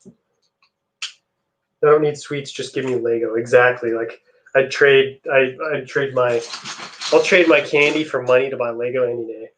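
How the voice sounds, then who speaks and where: A man's voice: mid-range voice, normal speed, long pauses, slight background noise. A young man hosting a live stream, chatting casually with viewers while he builds. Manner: relaxed, chatty, answers chat messages.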